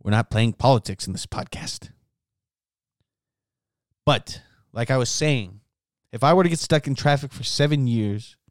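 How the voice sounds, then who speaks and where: A man hosting a podcast alone, rambling erratically and mocking himself, veering between low mumbles and sudden outbursts into a microphone. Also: no echo, studio quality. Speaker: podcast host. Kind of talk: solo rambling podcast monologue. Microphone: studio microphone.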